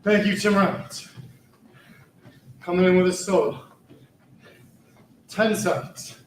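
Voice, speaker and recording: A winded man talks in short bursts during a workout, out of breath and pushing through each line. His voice sits high and comes slowly. He sounds set back from the mic in an echoing room. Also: steady tone, a little hiss or hum. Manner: breathless, off-key singing between short workout remarks. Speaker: fitness streamer. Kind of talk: singing and talking during a treadmill workout. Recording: roomy sound from a distance.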